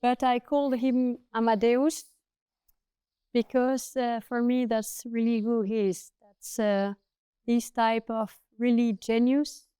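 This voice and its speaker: French-accented woman with a smooth voice. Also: fairly high pitch, flat delivery, mellow, no room sound. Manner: thoughtful, searching for words with many "uh" pauses. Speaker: horse trainer. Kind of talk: casual conversation.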